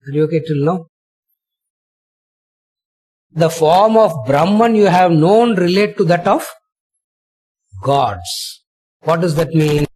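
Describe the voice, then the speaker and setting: A man teaching a retreat lecture on scripture, slow and emphatic, repeating phrases and asking rhetorical questions. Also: a little high, darkish tone, slightly rough. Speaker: spiritual teacher.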